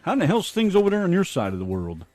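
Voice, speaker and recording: An American man co-hosting a casual online radio show, joking and teasing with loud laughs. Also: high-pitched, wildly swooping pitch, very fast, over a noisy crowd. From United States. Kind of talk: casual banter with co-host and chat.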